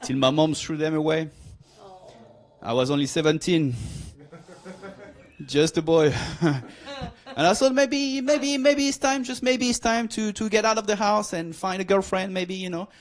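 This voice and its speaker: A man with a French accent performs stand-up on a comedy club stage, teasing the crowd with mock arrogance. His voice sits fairly high for a man, and he likes to drag out his punchlines. He sounds like someone in his forties who is enjoying himself. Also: steady tone, unhurried. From France. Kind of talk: stand-up routine.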